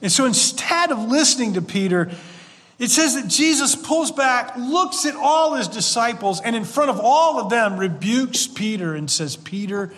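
Echoing with long reverb as if in a sanctuary, a pastor's sermon moves along at normal speed in a strikingly high, somewhat bright voice. Expressive and earnest, he keeps it conversational, sprinkling in folksy remarks.

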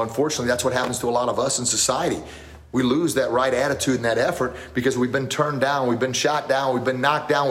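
A man who teaches martial arts, giving a motivational talk on a live stream, telling stories with lots of energy and reading out viewer comments as he goes. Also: medium pitch. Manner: animated storytelling, gets loud and excited acting out scenes. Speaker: martial arts instructor and podcast host.

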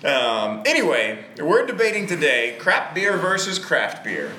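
A man hosting a beer podcast with his friend, sometimes slipping into a booming announcer-style voice, chatting casually. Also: big pitch swings, measured pace, sharp tone, echoey room, a little hiss or hum. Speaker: podcast host. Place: hotel or room on location.

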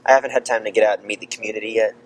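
A young college man rattles off playful stories at a fast clip. Faint outdoor noise sits behind his voice. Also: fairly low pitch, steady tone. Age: young adult. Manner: fast joking storyteller. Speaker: college student camper.

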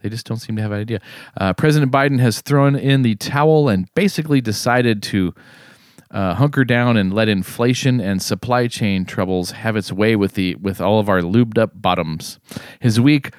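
A man with a lowish voice reads out his own sardonic commentary, wry and a little tipsy. The sound is dry and close, with no room around it. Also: no echo. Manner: wry, sardonic delivery with throat clearing. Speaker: podcast co-host. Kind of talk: casual chat and read-aloud commentary segment.

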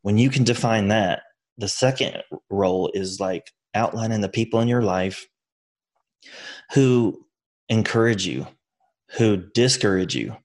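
A man with a fairly low voice, speaking as a podcast guest. He gives earnest motivational advice and often restarts his sentences. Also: a little slow, darkish tone. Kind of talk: conversational interview.

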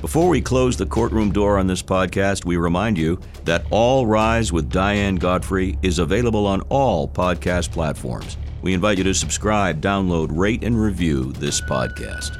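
Deep-voiced man announcing over music. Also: normal speed, hardly any pauses. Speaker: co-host, announcer. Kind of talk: scripted outro announcement.

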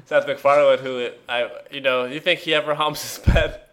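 A man's voice: medium pitch, fairly even intonation, normal speed, a bit bright. A man co-hosting a podcast in casual chat, rambling and joking, trailing off into fillers. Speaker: podcast co-host. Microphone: remote call mic.

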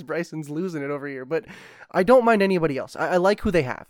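Higher-voiced man, candid, dry sound. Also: expressive, fast talker, dry recording. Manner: candid, laughing. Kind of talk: casual sports chat.

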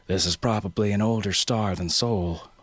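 Brisk scientist, read by a man, low, very husky. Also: dry recording. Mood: matter-of-fact. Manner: level, explanatory. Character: matter-of-fact scientist man, space crew.

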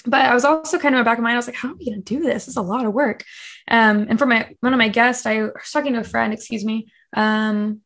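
A woman's voice: on the high side, fast, fairly bright tone. A young woman as a podcast guest, chatting casually and acting out quotes with lots of fillers. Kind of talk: casual interview chat.

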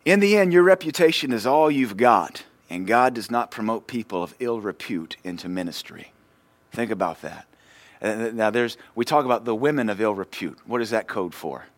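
Man preaching a lively sermon. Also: fairly low pitch, moderate pace. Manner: lively storytelling, swings between loud and quiet. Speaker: pastor. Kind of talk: sermon with personal story.

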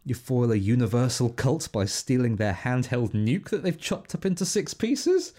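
Brief: male podcast co-host, sarcastic comic reviewer, very expressive pitch, laughs through his jokes. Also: normal speed. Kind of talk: comedic game-review monologue.

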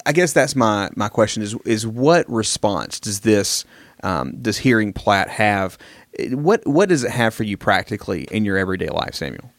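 A man's voice: lowish voice, no echo. A man hosting a casual podcast, asking long, winding questions. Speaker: podcast host.

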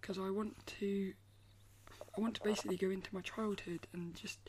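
A woman artist chats casually to camera at an everyday middle pitch. Her voice is soft and slides into a breathy half-whisper as she rambles and circles back over her own words. A faint hiss sits under the recording. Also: level tone, moderate pace. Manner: rambling, repeats and restarts phrases. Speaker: artist vlogger.

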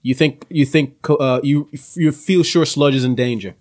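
A man's voice: a little high, moderate pace. A man narrating a tabletop role-play as game master, laughing often and slipping into monster voices.

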